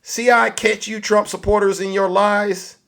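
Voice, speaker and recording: Brief: man, fairly high voice, mocking political stand-up rant. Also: level tone, moderate pace, gravelly, a bit bright. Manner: mocking, acts out scenes in put-on voices. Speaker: comedian.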